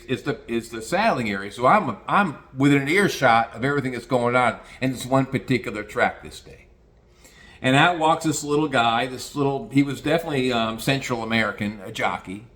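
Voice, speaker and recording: A man's voice: mid-range voice, fairly bright tone. A man spinning a casual anecdote, rambling and peppered with swearing. He talks in an easy conversational way, circling back and restarting as he goes. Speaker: storyteller.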